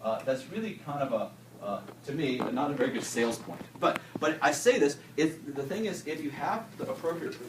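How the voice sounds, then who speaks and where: A middle-aged male teacher talks through a classroom demonstration in an animated, joking way, often restarting his sentences. He is picked up from a distance in a roomy classroom. Some noise sits under the voice. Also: a little high, brisk, hardly any pauses.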